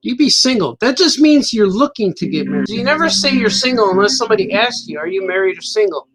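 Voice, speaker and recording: A man's voice: high voice, animated, fast talker, over music, poor audio. A man telling a rambling, playful anecdote in a casual monologue, often chuckling. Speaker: cartoonist telling a story.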